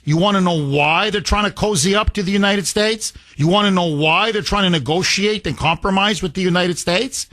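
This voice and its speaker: Combative talk radio host, high bright voice. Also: male voice, no room sound, clean studio sound. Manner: combative, sarcastic, rapid-fire. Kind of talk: political talk radio commentary.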